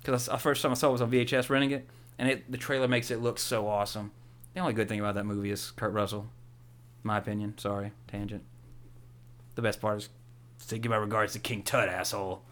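A young man co-hosting a podcast, chatting casually about a movie in a rambling, excitable way. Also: fairly low pitch. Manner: rambling, excitable, quick with jokey impressions. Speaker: podcast co-host.

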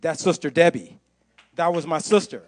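An impassioned man shares his testimony before a congregation. His voice sits a little high, and he drives his points home by repeating phrases. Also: moderate pace. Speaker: church speaker giving testimony. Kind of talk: sermon testimony.

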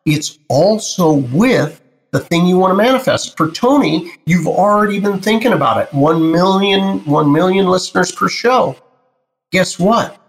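A male spiritual teacher, a guest in an interview, explaining slowly and deliberately and speaking straight to the host. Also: high voice, expressive.

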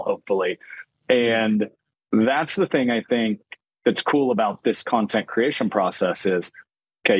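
A man hosting a podcast interview, a financial advisor talking animatedly and acting out quick examples. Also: on the low side, breathy edge, no echo, low-quality recording. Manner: animated, talks in quick bursts with acted-out examples.

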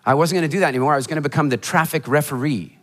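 A motivational speaker telling funny stories in a keynote talk before a live audience, animated and acting out the voices of people in his stories. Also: on the high side, rapid-fire. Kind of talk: humorous storytelling keynote talk. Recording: hall reverb of a live talk.

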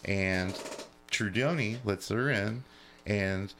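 A man on a podcast recapping a horror film in a casual, profane, animated way. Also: fairly low pitch, slow, a little hiss or hum. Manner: profane, animated retelling of plot. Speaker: podcast co-host. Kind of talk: casual chat.

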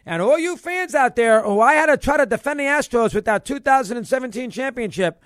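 High-voiced, emphatic male sports talker. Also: fairly quick, no room sound. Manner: emphatic and excitable, repeats points. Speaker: sports radio host. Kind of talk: opinionated sports talk monologue.

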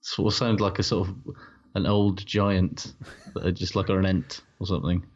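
Man, podcast co-host, deep voice, easygoing laughing banter, dull lo-fi sound. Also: little pitch movement, unhurried, a little mellow. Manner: easygoing, laughs often, says mate and bloke.

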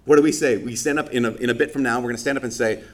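A male priest preaching a homily at Mass in a relaxed, chatty way. His voice sits at an ordinary middle pitch, and he keeps it lively with filler words and playful acted-out asides. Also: rapid-fire. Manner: casual and lively, full of fillers, acts out people's reactions in quoted asides. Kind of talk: conversational sermon. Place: church during Mass.

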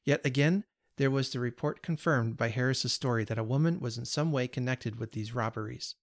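A man reading a classic story aloud in a steady, measured narration. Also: medium pitch. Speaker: podcast story reader.

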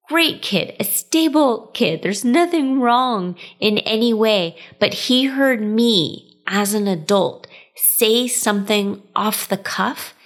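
A woman in her thirties hosting a podcast, telling personal stories in a chatty way and laughing often. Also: medium pitch. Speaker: podcast host. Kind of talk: casual storytelling monologue.

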